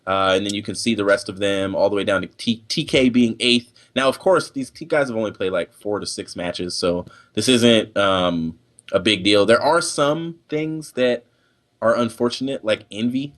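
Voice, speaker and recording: Young man, stream host, fairly low voice, casual chat, lots of fillers. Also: normal speed, fairly bright tone. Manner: talkative, many fillers and restarts. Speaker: podcast host.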